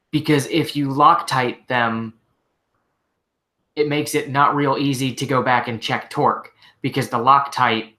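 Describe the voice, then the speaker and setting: Male host, shop mechanic, bright tone, casual Q&A, easygoing, filler-heavy. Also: medium pitch. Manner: relaxed, rambling, frequent fillers like "like" and "you know". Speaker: host answering viewer questions. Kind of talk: casual live-stream Q&A.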